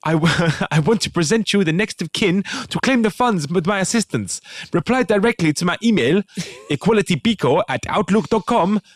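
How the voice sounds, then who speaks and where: A man's voice: high-pitched, lively intonation, normal speed, dry recording, voice pushed up. A man voicing a pompous male scam lawyer with a put-on foreign accent and broken grammar, in a comic read-aloud of an email. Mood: mock formal. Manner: formal, stiff, overly polite.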